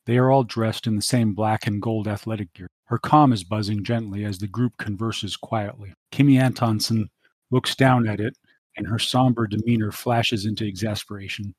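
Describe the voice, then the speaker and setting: A man narrating a tabletop role-playing game as game master, in a steady storytelling manner. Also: lowish voice, moderate pace, slightly rough, dry recording.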